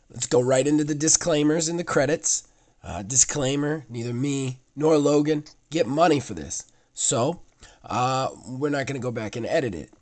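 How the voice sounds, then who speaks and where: A man with a raspy, sick, hoarse voice hosting a casual gaming podcast, rambling and swearing casually. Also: medium pitch, a little mellow. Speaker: podcast host.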